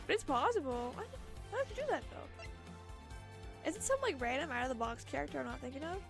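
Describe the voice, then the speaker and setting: A woman's voice: high-pitched, lively intonation, brisk, vocal fry. A woman streaming a video game live, chatting casually, thinking aloud and often laughing. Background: game music.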